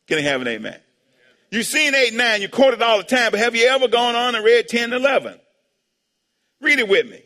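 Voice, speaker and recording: A high-pitched male pastor preaches to his congregation, calling out for amens and answers and now and then bursting into a shout. His voice is bright and sharp, and it rings out with the long reverb of a church sanctuary. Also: sing-song, fairly quick, pauses often. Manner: call-and-response, asking the congregation for amens and answers; preaching with sudden loud shouts. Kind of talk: sermon.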